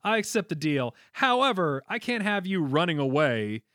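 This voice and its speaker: A man's voice: on the high side, very animated, moderate pace, fairly bright tone, smooth, dry recording, clean studio sound. A man voicing a smug male villain striking a deal, retold in a casual chat.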